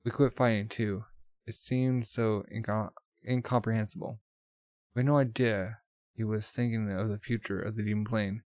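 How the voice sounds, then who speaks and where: A man's voice: lowish voice, fairly even intonation, normal speed, a little mellow, no room sound, natural voice. A man reading the lines of a blunt, old male demon king from a manga. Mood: rueful.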